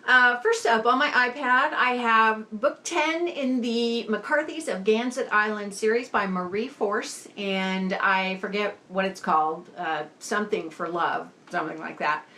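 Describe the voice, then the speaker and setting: A woman's voice: mid-range voice, a little slow, few pauses, pushed and bright. A woman, tired and talking around a new retainer, chatting animatedly about books as a video host and laughing often. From Indiana. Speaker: BookTube host. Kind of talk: casual book chat.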